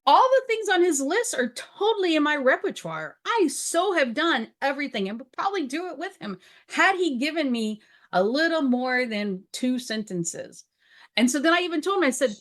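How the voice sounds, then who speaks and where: Lively frank woman podcast co-host. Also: sits high, normal speed. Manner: frank, laughs often, acts out dialogue. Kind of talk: casual candid chat.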